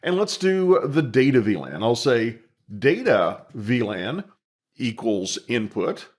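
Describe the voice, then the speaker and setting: A man's voice: mid-range voice, big pitch swings, slow pace. Methodical man narrating a coding tutorial. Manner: methodical, dictating code step by step. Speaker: instructor. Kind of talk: screen-recorded coding tutorial.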